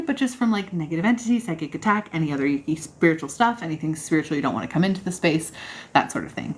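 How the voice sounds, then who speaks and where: A woman hosting a casual livestream, answering viewer questions in a bubbly, encouraging way and laughing often. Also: on the low side. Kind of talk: casual live chat.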